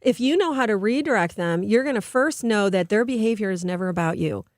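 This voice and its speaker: A woman's voice: fairly quick, dry recording. Earnest middle-aged woman explaining, dry studio. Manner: earnest, acts out quoted voices with lively pitch jumps. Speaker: guest expert on behavior. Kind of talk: radio interview, explanatory talk. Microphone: studio microphone.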